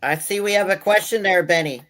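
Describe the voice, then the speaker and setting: A man's voice: high voice, brisk, a bit bright. A male host steering a casual chat, reacting with short "wow"s and handing off to his co-hosts.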